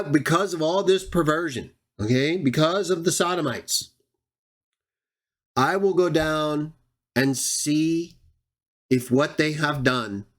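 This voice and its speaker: A man's voice: medium pitch, fairly bright tone. A man hosting a Bible channel, giving combative verse-by-verse scripture commentary, sarcastic and speaking straight at his opponents, stretching out the verses he reads for emphasis. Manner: drawn-out emphatic reading of verses. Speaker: Bible teacher and channel host.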